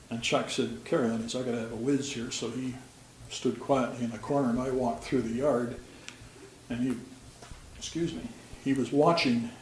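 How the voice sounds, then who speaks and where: Older man telling old police stories. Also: mid-range voice. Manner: folksy, plain-spoken, dry humor. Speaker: retired police officer. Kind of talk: storytelling. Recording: roomy sound with faint background noise.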